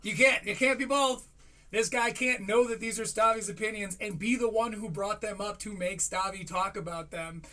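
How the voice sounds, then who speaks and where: A man's voice: sits high, moderate pace, pushed and bright. A man hosting a live stream, reviewing a podcast in a heated, sarcastic rant.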